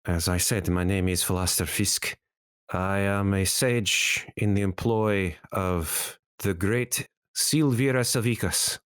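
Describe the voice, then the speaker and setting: A man doing a wounded old sage, scratchy and solemn, very low voice, slow and deliberate, dry close sound. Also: fairly bright tone, smooth, dry recording. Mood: grave. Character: wounded older male sage, grave and wary.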